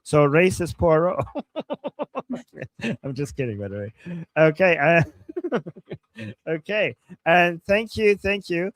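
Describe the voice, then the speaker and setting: With a fairly high voice that swings widely in pitch, this Iranian co-host speaks slowly and pauses often, with no room sound audible. He's reading viewer messages aloud on a live stream, easygoing and quick to laugh.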